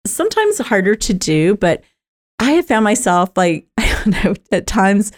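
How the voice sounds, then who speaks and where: A woman's voice: medium pitch, sing-song, measured pace. A middle-aged woman telling personal stories in a chatty, rambling way, often breaking into laughter. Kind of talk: personal storytelling talk.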